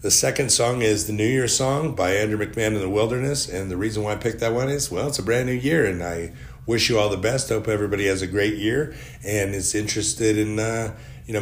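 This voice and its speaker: A man's voice: fairly low pitch, steady tone, fairly quick, a little hiss or hum. A man hosting a solo podcast, telling stories in a rambling, wry and joking way. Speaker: podcast host. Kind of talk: casual solo podcast monologue.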